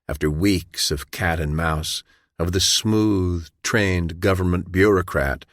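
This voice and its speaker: Deep-voiced guy narrating an audiobook, dry close sound. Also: fairly even intonation, slow pace, fairly bright tone, no room sound. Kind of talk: scripted narration.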